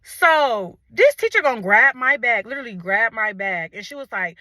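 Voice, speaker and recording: A young woman from Ohio telling a storytime vlog in a profane, animated manner, talking straight to her viewers. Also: fairly high pitch, moderate pace, few pauses, dry recording. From Ohio, USA.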